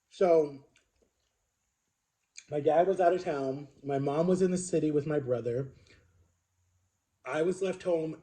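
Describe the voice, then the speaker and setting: Brief: vlogger man, slightly high-pitched but very mellow and dark in tone, candid storytelling with fillers and restarts. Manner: earnest, halting recounting with many fillers.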